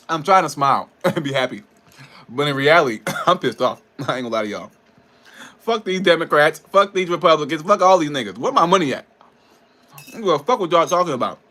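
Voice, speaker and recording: A man's voice: a little high, lively intonation, a little fast, bright, forceful tone. A man, a personal trainer and nutrition coach, ranting in a casual vlog, frustrated and profane, rambling between laughs.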